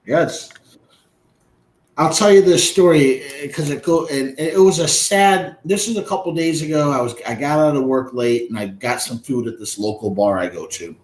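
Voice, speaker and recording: A man's voice: fairly high pitch, normal speed, reverberant. A man hosting a podcast, telling stories in a blunt, profane way as a coach. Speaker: dating coach podcast host. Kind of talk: casual podcast chat.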